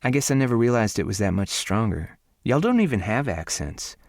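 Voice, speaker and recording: A man reading an audiobook voices a soft-spoken, shy young woman with a gentle delivery. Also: on the low side, sing-song, a little fast, no room sound, studio quality, voice pushed up.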